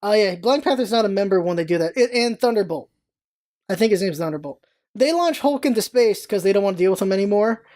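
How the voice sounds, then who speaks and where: A young woman chats through a movie review for her vlog, excitable and rambling. Her voice is mellow and warm, and she keeps breaking into playful impressions of the characters. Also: mid-range voice. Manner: chatty, excitable, rambling with many restarts; acts out characters' lines in quick impressions.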